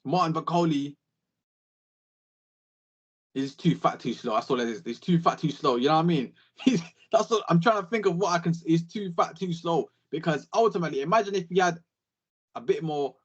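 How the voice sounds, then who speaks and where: Sweary, animated young man. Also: fairly high pitch, fairly quick, slightly rough, dull audio. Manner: animated, sweary, repeats catchphrases. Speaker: podcast co-host. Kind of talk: casual boxing chat.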